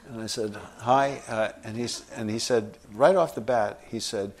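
A middle-aged man, a novelist, telling an animated story in conversation and acting out what people said. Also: fairly low pitch, unhurried, hardly any pauses. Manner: animated anecdotal storytelling, acts out quoted voices. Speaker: novelist guest.

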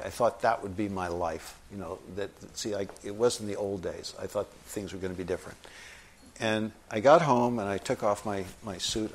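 A middle-aged man, a novelist, telling an animated story in conversation and acting out what people said. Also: lowish voice. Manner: animated anecdotal storytelling, acts out quoted voices. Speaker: novelist guest.

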